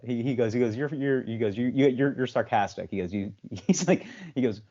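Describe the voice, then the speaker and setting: A young adult man co-hosting a podcast, telling a story in casual chat and jumping into high voices for the people he quotes. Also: expressive, fast talker, hardly any pauses, warm tone, slightly rough. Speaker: podcast co-host. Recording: slightly dull, lo-fi sound.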